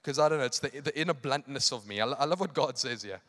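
A man's voice: medium pitch, animated, quick pace, hardly any pauses, a bit bright. A man preaching an evening church sermon, emphatic and impassioned, repeating phrases for effect. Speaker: pastor. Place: church hall. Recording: long hall reverb.

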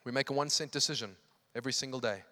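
A man's voice: mid-range voice, very fast, bright, forceful tone. A man preaching an evening church sermon, emphatic and impassioned, repeating phrases for effect. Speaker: pastor. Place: church hall. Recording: long hall reverb.

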